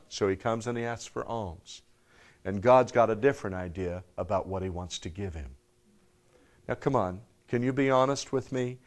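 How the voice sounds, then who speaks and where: A man preaching a sermon to a live congregation, firing off rhetorical questions and swinging between loud emphatic bursts and hushed low tones. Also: normal speed. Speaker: pastor.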